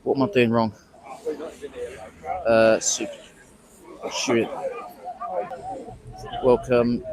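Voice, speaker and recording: An English man hosts a casual livestream from an outdoor protest, reeling off greetings to viewers by name. His voice sits at an ordinary middle pitch. A clear crowd murmur runs behind him on the outdoor phone recording. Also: flat delivery, very slow, pauses often, poor audio. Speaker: livestream host.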